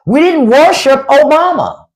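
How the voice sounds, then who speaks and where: A woman's voice: high voice, animated, measured pace, darkish tone. A woman hosting a livestream, ranting bluntly and mockingly with plenty of profanity. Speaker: livestream host. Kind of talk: casual livestream rant.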